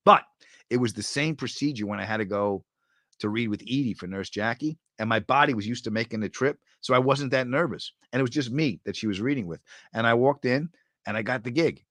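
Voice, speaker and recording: A man's voice: medium pitch, no room sound. Man, middle-aged, podcast host, chatty storyteller, dry close mic. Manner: animated storyteller, quick quips and movie-line impressions. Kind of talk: casual chat reading viewer comments.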